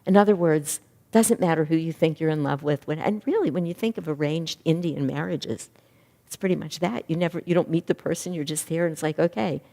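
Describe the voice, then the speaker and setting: A middle-aged woman giving a spiritual class talk as a minister and teacher. She speaks in an earnest, reflective way and grows lively when she retells stories. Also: sits low, fairly quick, vocal fry. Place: class room or hall. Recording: long reverb of a hall.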